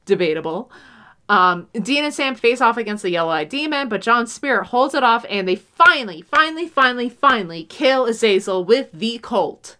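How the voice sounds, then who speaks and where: A bright-voiced woman talking through a TV episode in casual chat, full of energy and slightly high-pitched. She keeps slipping into quick impressions of the characters and drops casual swears along the way. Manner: animated, acts out characters' lines, swears casually.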